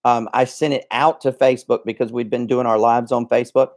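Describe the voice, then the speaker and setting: A man's voice: mid-range voice, flat delivery, brisk. A man hosting a casual livestream, chatty and rambling, with many fillers and restarts, a little out of breath. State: slightly out of breath. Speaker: livestream host.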